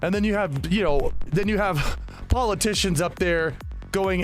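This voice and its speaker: A man's voice: sits high, normal speed, faint music behind. A man hosting a casual podcast, chatty and rambling, often laughing and restarting his sentences. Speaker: podcast host.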